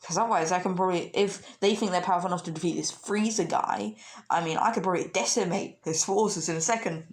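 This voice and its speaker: A woman's voice: fairly low pitch, quick pace, natural voice. Woman doing a cocky young alien fighter. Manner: cheerful and cocky. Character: brash young male alien martial artist.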